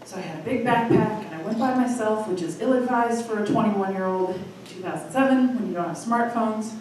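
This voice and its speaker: A woman in her thirties from Michigan hosting a live storytelling night, telling a personal story in a chatty, self-deprecating way with quick asides. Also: medium pitch, a little mellow, far from the mic. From Michigan, USA. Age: 30s. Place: live storytelling venue with audience. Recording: echoey room from afar, faint noise.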